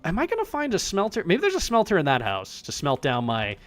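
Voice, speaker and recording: Streaming his playthrough of an indie survival game, a man keeps up lively, foul-mouthed, self-deprecating chatter in a high, brisk voice.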